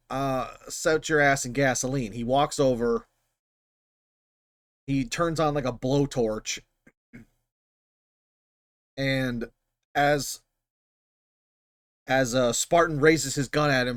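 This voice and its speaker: A man's voice: mid-range voice, no room sound, clean studio sound. A man hosting his channel, talking through a film scene in casual, rambling commentary with frequent swearing. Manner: rambling, profane, animated. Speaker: channel host.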